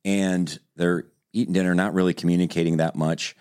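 A man's voice: sits low, fairly quick, clear, resonant tone. A man hosting a podcast, telling a story in casual chat and acting out the quotes with energy. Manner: animated storyteller who acts out quotes. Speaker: podcast host.

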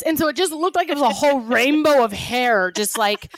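A woman co-host in relaxed podcast chat who speaks earnestly and reacts with enthusiasm. Her voice is a little high. It is recorded close and dry. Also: brisk, dry recording. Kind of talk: casual chat.

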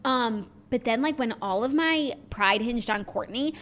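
A woman with a slightly higher voice co-hosting a casual podcast. She gushes with enthusiasm and leans on "like" between her thoughts. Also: a little slow, fairly bright tone. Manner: enthusiastic, gushing, heavy use of "like". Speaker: podcast co-host. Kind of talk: casual pop-culture chat.

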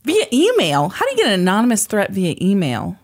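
Reactive woman co-host, lively pitch. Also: fast. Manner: reactive, gasps and jokes, swears casually. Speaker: podcast co-host. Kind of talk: casual chat.

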